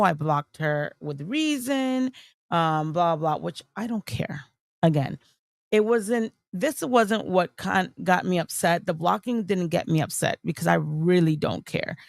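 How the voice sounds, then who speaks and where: A woman's voice: on the low side, gravelly, dry recording. A woman streamer giving blunt, dismissive commentary on a livestream, full of fillers and restarts. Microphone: streaming mic on camera.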